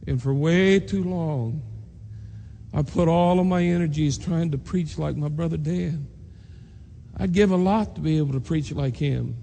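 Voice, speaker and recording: A man's voice: fairly high pitch, unhurried, vocal fry, warm tone. A man preacher telling a personal story in an earnest, emotional sermon, acting out the voices of people he quotes. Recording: long reverb in a large hall, faint noise.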